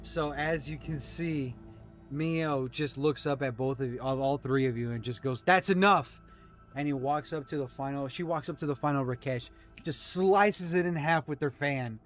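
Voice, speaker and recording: A man running a tabletop game as game master, narrating the scene in an animated way. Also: medium pitch, normal speed, faint music behind. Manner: animated, shouts out monster lines.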